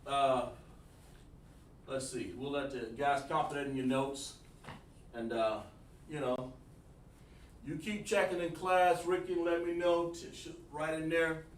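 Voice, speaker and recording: With a fairly high pitch, a flat delivery and an unhurried pace full of long pauses, a man teaches a language lesson streamed live. He repeats himself while coaching and asks the chat what they think. An echoey room, a distant mic and faint noise shape the audio.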